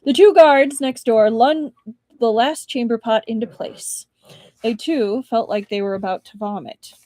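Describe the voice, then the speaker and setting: A fairly high-voiced young woman reads a novel aloud on a live stream, now and then dropping into chatty asides to her viewers. Her voice is dry and close, with no room sound around it. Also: a little slow, dark tone, no echo. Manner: chatty asides between narration. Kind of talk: live-stream book reading.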